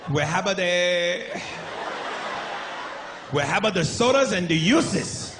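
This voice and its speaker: A man voicing a flustered male fast-food cashier who stammers in broken English, in a stand-up set. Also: sits high, animated, reverberant. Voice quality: halting, stammering, mangled words. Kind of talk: stand-up comedy. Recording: live club with crowd and noise.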